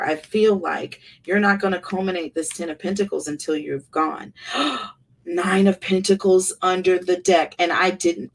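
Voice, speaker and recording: A woman with a low, gravelly voice reads tarot cards aloud, stressing and repeating key words. She sits some distance from the microphone, so her voice sounds a little far off. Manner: emphatic, repeats words for effect. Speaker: tarot reader. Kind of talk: tarot reading monologue.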